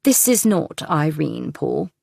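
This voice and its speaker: A woman's voice: sits low, big pitch swings, slow pace, gravelly, mellow, breathy edge, no room sound, studio quality, exaggerated voice. A woman voicing a determined woman detective in an audiobook, speaking in an urgent, accusing way. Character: sharp, determined older woman sleuth. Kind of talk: audiobook character reading.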